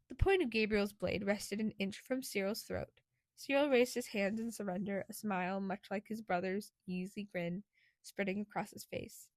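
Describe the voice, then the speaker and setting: A woman narrating an audiobook in a steady, clear reading voice. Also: medium pitch, no room sound.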